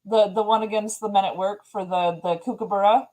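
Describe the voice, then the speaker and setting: A woman's voice: mid-range voice, fairly even intonation, brisk, dark tone, rough recording. A woman who works at a brewery, chatting casually on a live stream and telling a story in a gushing, talkative way. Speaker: brewery staff member.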